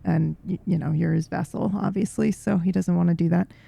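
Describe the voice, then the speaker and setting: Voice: mid-range voice, steady tone, brisk, gravelly, dark tone, slightly rough. A game master explaining game rules and events to the players in a chatty way. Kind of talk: narrating a tabletop game.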